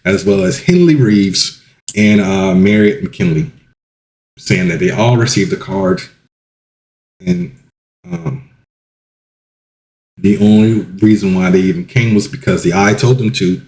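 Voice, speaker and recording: A man hosting a casual solo podcast, rambling through plot recaps with lots of ums and quick self-corrections. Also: sits low, a little mellow, roomy sound. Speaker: podcast host.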